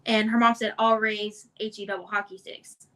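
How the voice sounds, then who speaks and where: A woman's voice: medium pitch, little pitch movement, normal speed, a bit bright, low-quality recording. A woman co-hosting a casual discussion, recounting text messages with lots of "and then she goes". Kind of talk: casual discussion, reading texts aloud.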